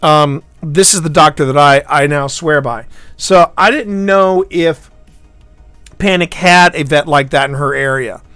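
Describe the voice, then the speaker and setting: A man hosting a live stream, chatting casually and telling a rambling story with halting restarts, swinging from loud to hushed. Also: on the high side, clear, resonant tone, no room sound, soft background music. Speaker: livestream host.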